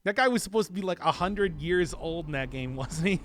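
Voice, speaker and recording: A man's voice: a little high, expressive, fairly quick, slight background noise. A man streaming a video game, chatting casually in a rambling, joking way and laughing often. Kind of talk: casual live-stream commentary.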